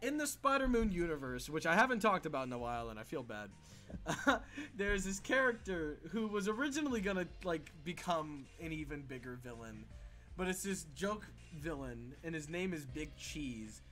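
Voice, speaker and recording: Stream host, male, bright and slightly high voice, excitable, casual cursing. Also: normal speed, soft background music. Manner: excitable, swears a lot, laughs often. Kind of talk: casual live stream chat.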